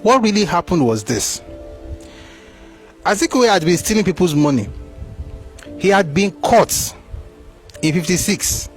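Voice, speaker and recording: A man with a Nigerian accent giving opinionated history commentary, animated and rhetorical, reading passages aloud. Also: sits high, a little slow, pauses often, faint music behind.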